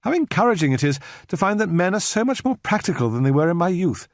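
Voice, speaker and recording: A woman's voice: on the low side, sing-song, fast, no echo, clean studio sound, pitched above the performer's own voice. A male narrator voicing a prim, courteous elderly woman with a southern English accent, formal and old-fashioned in her speech. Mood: gracious. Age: older.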